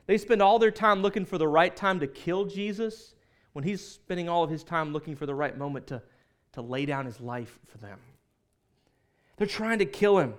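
A man's voice: a little high, moderate pace. A male pastor preaching a sermon in a conversational storytelling manner, often correcting himself mid-sentence.

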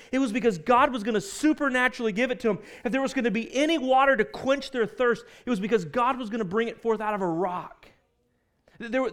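A man's voice: high-pitched, clear, resonant tone. A male pastor preaching a sermon in a conversational storytelling manner, often correcting himself mid-sentence.

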